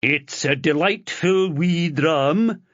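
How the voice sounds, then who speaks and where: A man's voice: medium pitch, big pitch swings, unhurried, a bit bright, slightly rough, dry recording, lo-fi sound, exaggerated voice. A man voicing an oily, fawning older male judge who talks in a wheedling, ingratiating way.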